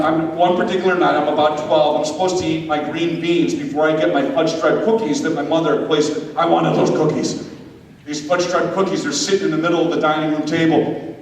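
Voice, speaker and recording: A man telling a story at a confirmation retreat, animated and speaking straight to his listeners. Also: fairly high pitch, moderate pace. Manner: animated, addresses listeners directly. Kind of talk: storytelling talk. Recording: echoey hall from far off with faint noise.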